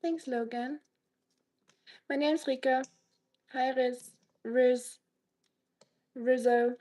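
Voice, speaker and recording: A woman's voice: high voice, fairly even intonation, extremely slow, dark tone, poor audio. A woman live streaming as she cooks in her home kitchen, chatting casually, greeting viewers by name and making teasing jokes. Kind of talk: casual live-stream chat while cooking.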